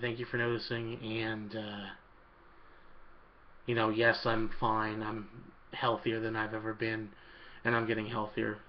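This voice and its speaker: A man's voice: medium pitch, gravelly, lo-fi sound, a little hiss or hum. A man answering viewer questions in a casual, rambling vlog, with lots of ums and uhs.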